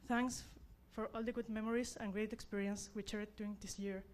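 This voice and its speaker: A woman's voice: mid-range voice, little pitch movement, a little fast, darkish tone, a little hiss or hum. A young woman who is not a native English speaker, giving an earnest, self-deprecating graduation speech as class representative.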